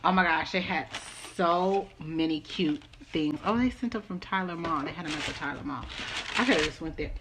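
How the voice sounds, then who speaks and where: A woman's voice: sits low, background noise. A woman chatting casually to her vlog audience in a rambling, easygoing way, partly from a parked car. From Southern California. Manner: chatty, rambling, exasperated asides. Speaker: vlogger.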